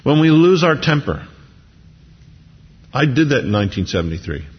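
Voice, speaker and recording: In a dull lo-fi recording washed in long hall reverb, a pastor delivers a sermon in a conversational way, asking rhetorical questions and restarting often. His husky, mid-range voice swings widely in pitch at a normal speed.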